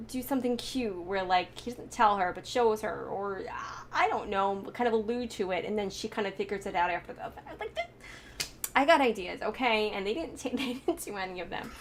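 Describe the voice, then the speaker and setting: A woman's voice: medium pitch, a little fast. Woman from the United States, host, chatty movie recap, faint hiss behind her. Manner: chatty, laughs often, many fillers and restarts. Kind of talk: casual movie reaction chat.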